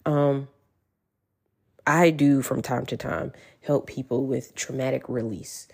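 A woman's voice: rumbling low, fairly even intonation, slow, creaky, a little mellow, husky. A woman giving an earnest, encouraging motivational talk straight to her listeners, repeating reassurances as she goes. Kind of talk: casual motivational monologue.

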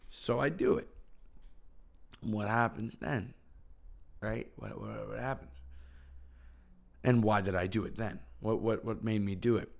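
A man's voice: lowish voice, steady tone, unhurried, creaky, pauses often. A young man telling a personal story to camera in a casual, rambling way, full of "like". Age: young adult. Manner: rambling, heavy use of "like". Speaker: vlogger.

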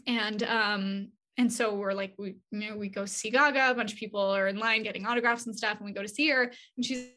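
A woman being interviewed, telling stories in a casual, animated way and acting out quoted dialogue. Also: medium pitch, brisk, hardly any pauses. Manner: many fillers and restarts, chatty. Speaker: agency CEO, interview guest. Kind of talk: casual conversational storytelling.

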